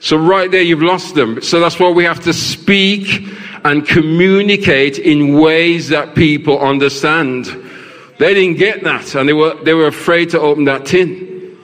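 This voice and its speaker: Male pastor preaching, slow and deliberate delivery, long church reverb. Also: a little high, a bit bright. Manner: preaching, asks the congregation questions. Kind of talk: sermon. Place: large church.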